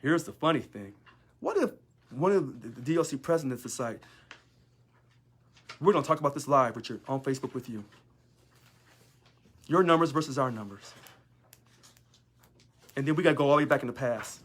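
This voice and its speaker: A man's voice: mid-range voice, expressive, normal speed, long pauses, husky. A man, a union local leader, talking in a sarcastic monologue full of rhetorical questions. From United States. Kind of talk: casual monologue video.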